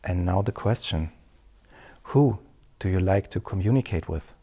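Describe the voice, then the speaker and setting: Earnest male speaking coach, middle-aged, low voice, very slow delivery. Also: expressive, dark tone, breathy edge. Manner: earnest, measured storytelling. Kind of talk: scripted lesson to camera.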